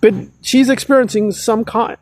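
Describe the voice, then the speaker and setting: A man's voice: very high-pitched, steady tone, moderate pace, dry recording. A man ranting in a sarcastic, emphatic online commentary.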